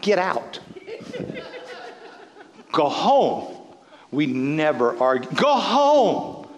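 In a high-pitched voice, a middle-aged pastor preaches with animated humor, breaking into laughs and quick restarts. The room adds a long reverb tail.

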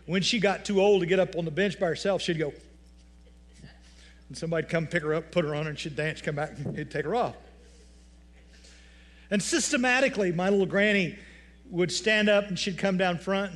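A man's voice: high-pitched, brisk, long pauses, a bit bright. A male pastor preaching a sermon, telling folksy stories with humor.

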